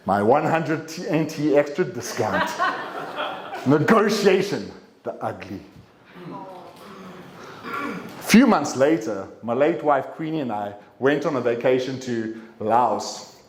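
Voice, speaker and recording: Animated male storyteller in an echoey room. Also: slow pace, long pauses. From English-speaking country, living in Taiwan. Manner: animated storyteller, acts out quotes with sharp jumps in pitch. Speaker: club speaker. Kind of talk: prepared speech telling a personal story. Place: meeting room.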